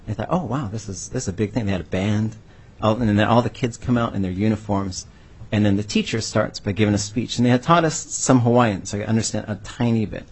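Husky low-voiced man telling a story. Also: a little fast. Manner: earnest, heartfelt storytelling. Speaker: language educator on a panel. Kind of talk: storytelling answer in a panel discussion.

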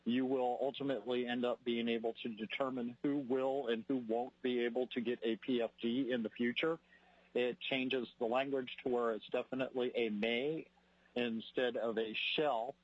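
A man's voice: medium pitch, little pitch movement, moderate pace, slightly rough, no room sound. A man calling in to testify against a measure, earnest and argumentative, stumbling now and then. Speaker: caller testifying. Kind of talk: public testimony by phone. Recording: dry muffled phone line.

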